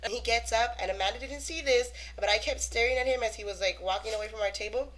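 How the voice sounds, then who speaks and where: Animated young woman with a fairly high voice. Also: quick pace. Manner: animated, acts out quotes. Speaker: fan vlogger. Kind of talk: excited casual storytelling.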